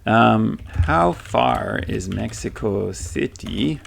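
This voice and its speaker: A man casually demonstrating a chatbot on his computer, thinking aloud, reading replies off the screen, and pausing on frequent ums. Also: lowish voice, expressive, vocal fry, slight background noise. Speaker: tech video host. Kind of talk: casual screen-recorded demo.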